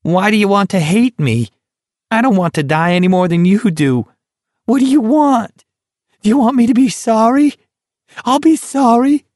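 Man doing a shrill unhinged young man, spiteful, screechy high voice, dry close sound. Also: moderate pace, darkish tone, dry recording, close to an everyday voice. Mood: whining. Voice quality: shrill, shrewish. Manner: veers from gloating whispers to screams.

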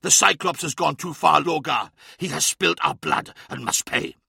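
A hot-tempered barbarian warlord barks his words with a gravelly bite, as a man puts him on for an audiobook. The delivery is loud and angry, and the sound is close and dry. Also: fairly high pitch, moderate pace, no echo, pitched above the performer's own voice, heavily acted.

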